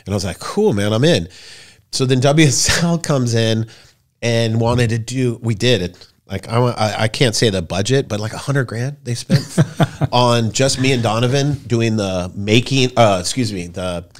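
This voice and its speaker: Profane storytelling man in his forties. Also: moderate pace. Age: 40s. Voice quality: profane, rambling, animated. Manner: acts out quoted voices with big pitch jumps. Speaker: podcast guest. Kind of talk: casual storytelling chat.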